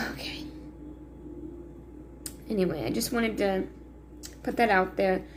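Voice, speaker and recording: A woman's voice: medium pitch, slow pace, slight background noise. A woman talking to her viewers in a rambling, self-critical confessional vlog, full of restarts and sighs. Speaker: vlogger.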